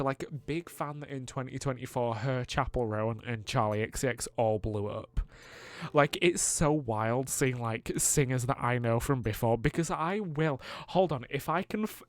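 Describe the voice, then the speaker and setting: A man's voice: medium pitch, no echo. A man casually commentating a video game, rambling and chatty, with frequent laughs and filler words. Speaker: gameplay commentator. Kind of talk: casual let's play commentary.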